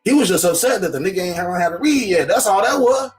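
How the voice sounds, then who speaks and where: A man giving slangy, animated comedic commentary while reading a text aloud. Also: high-pitched, quick pace, faint music behind. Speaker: commentary host.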